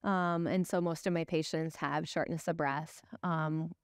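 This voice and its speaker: A woman clinician on a medical panel, talking through treatment steps in a practical, steady way. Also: low voice, a little slow, clear, resonant tone, no echo, clean studio sound. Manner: practical, steady, talks through dosing step by step. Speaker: breast cancer clinician on a panel.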